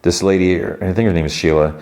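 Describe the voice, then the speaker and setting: A man's voice: deep voice, steady tone, fast, a little mellow. A man hosting a podcast, casually retelling a TV episode scene by scene and quoting the characters' lines, with plenty of fillers along the way. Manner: retells scenes with quoted dialogue, many fillers. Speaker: podcast host.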